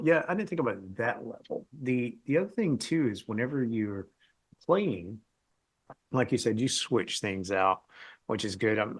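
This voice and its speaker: A middle-aged man hosts a relaxed interview, talking in a chatty way and stretching his questions out. His voice sits somewhat low. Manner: chatty, asks long rambling questions. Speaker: interview host. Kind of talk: casual interview talk.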